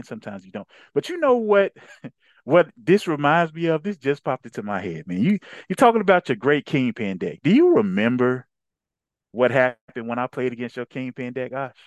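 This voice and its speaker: A man co-hosting a casual gaming podcast, his voice swooping lively through its range as he teases a rival. He laughs through his lines in a playful trash-talk. The sound is close and dry, with no room around it. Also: medium pitch, no echo. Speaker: podcast co-host.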